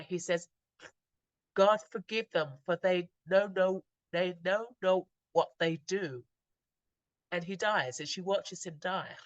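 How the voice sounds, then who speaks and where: A woman slowly retelling moving stories in an earnest, reflective talk, often stopping and restarting her sentences. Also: fairly low pitch, a bit bright, dry recording. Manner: earnest, slow storytelling with frequent restarts. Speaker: inspirational speaker.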